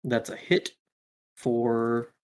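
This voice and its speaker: A man's voice: mid-range voice, completely flat delivery, drawn-out words. A man narrating as game master in a laid-back way, with many filler words.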